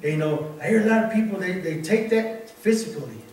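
A man's voice: high voice, darkish tone. Echoey, distant man preaching in church. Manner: repetitive, halting restarts, conversational. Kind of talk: informal sermon with personal story. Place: church sanctuary. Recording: very echoey room, voice off-mic, faint noise.

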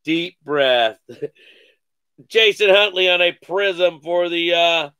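A man hosting a live sports card break, calling out each card with excited slang and cursing. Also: sits high, clear, resonant tone, no room sound. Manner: excited, calls out cards rapidly with slang and cursing.

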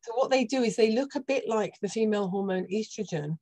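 A middle-aged British woman, a doctor, explaining health topics as a podcast guest in a steady, informative way with touches of dry sarcasm. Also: fairly high pitch, fast talker. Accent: British English. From United Kingdom. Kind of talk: podcast interview.

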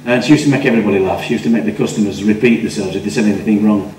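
A man's voice: on the low side, racing, darkish tone, echoey room, far from the mic, slight background noise, low-quality recording. A man telling a long rambling story on a chat show. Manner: rambling storyteller, voices people in his tales. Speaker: comedian guest. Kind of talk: chatty anecdote on a talk show.

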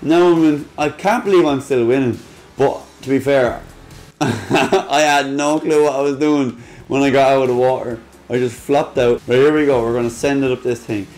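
A young Irish man giving excitable, casual commentary while streaming a game, with sudden loud shouts and laughs and casual swearing. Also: mid-range voice, normal speed, echoey room.

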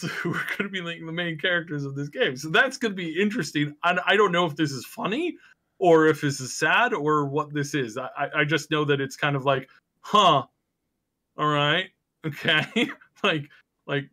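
A man's voice: fairly high pitch, brisk, sharp tone. A man hosting a casual gaming podcast, rambling with many fillers and restarts. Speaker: podcast host.

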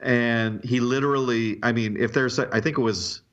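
A man's voice: mid-range voice, steady tone, moderate pace, fairly bright tone, dull audio. A man co-hosting a podcast, chatting casually about politics and rambling with frequent restarts. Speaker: podcast co-host.

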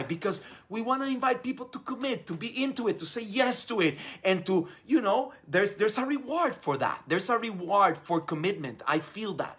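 A man's voice: fairly high pitch, a bit bright. Effusive man hosting a live stream. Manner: enthusiastic, effusive, repeats words. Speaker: live stream host reading viewer comments. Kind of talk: casual live stream talk.

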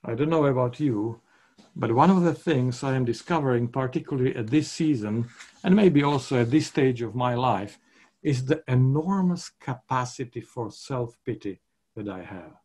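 A man's voice: mid-range voice, darkish tone, husky. A man preaching a sermon in an emphatic way, repeating his key points.

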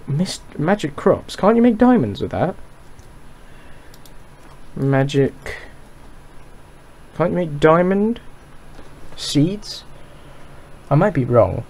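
A man's voice: on the high side, very animated, slow pace, pauses often, a little mellow. A man casually talking through his game as he plays, rambling and poking fun at himself, with a dry throat. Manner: rambling, self-mocking, thinks aloud. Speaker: gaming YouTuber. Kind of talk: Minecraft let's play commentary.

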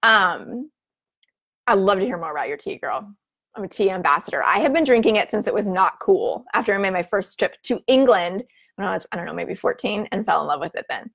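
A woman's voice: mid-range voice, animated, a little fast, creaky, a bit bright. Bubbly chatty woman host. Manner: bubbly, chatty, filler-heavy. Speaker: livestream host reading viewer comments. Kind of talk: casual live-stream chat.

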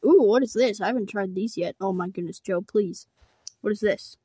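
A woman telling a playful homemade role-play story, voicing every character herself, switching between excited yelps and flat, deadpan asides. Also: medium pitch, moderate pace, husky, dry recording.

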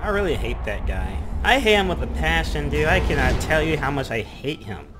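Man doing casual gameplay commentary, mocking and swearing, animated voice. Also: fairly high pitch, a little fast, music in the background. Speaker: gaming commentator. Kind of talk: let's-play commentary.

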